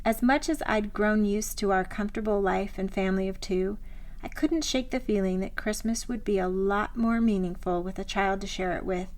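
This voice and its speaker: In a mid-range voice with a slightly dark quality, the author narrates her own memoir from a script. Her delivery is calm, measured and reflective.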